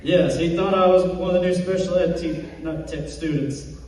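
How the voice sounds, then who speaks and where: A man performs a stand-up set, delivering self-deprecating jokes in a mellow, slightly high voice. He is picked up from far off on stage, and his words ring through a big echoey room with a long reverb tail. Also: steady tone, normal speed. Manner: self-deprecating punchlines with acted quotes. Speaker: stand-up comic. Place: comedy club stage. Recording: distant echoey hall recording.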